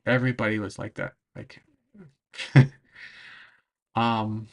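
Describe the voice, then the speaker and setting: A man chatting casually on a livestream, answering chat, rambling and often pausing to search for words, with frequent laughs. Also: lowish voice, flat delivery, a little mellow. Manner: laughs between phrases. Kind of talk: casual livestream chat over travel footage.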